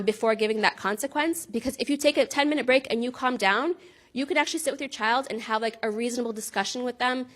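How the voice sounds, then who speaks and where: A woman's voice: fairly high pitch, a bit bright. Woman giving friendly parenting talk. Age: adult with a child. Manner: conversational, frequent "right?" check-ins, laughs at herself. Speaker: parenting workshop speaker.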